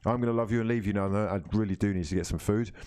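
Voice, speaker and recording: A man's voice: fairly low pitch, racing, warm tone, clear, resonant tone, no room sound. A man casually hosting a football livestream, reading out viewer comments in a playful, teasing way. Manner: chatty and playful, calls viewers fraudulent friends.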